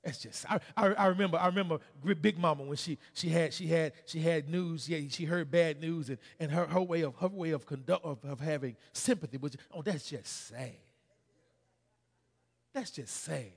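A man preaches to his church, leading the congregation in call-and-response and pushing his delivery up into shouted peaks. His voice sits high and has a gravelly, husky grain. The sanctuary around him rings with a long reverb. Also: brisk, hardly any pauses. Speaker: pastor. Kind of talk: sermon.

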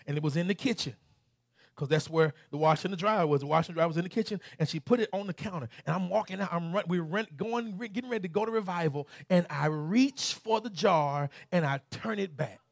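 A preacher man with a Southern US accent, his voice high and husky. He swings between shouting scripture and telling a story in a softer, halting voice. The sound is dry and close, with no room echo. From Southern United States. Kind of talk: sermon.

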